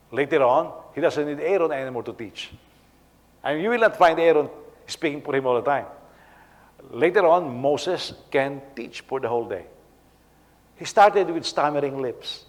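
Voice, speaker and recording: A man, a senior pastor, preaching a sermon in an animated, halting way, often repeating words as he goes. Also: mid-range voice. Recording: long reverb of a hall.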